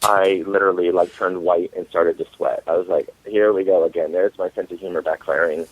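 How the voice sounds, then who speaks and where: A man, an author and guest, telling comic dating stories in an animated way. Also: low voice, brisk, no room sound. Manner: animated, comic storyteller acting out quotes. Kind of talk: storytelling interview. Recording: tinny phone line.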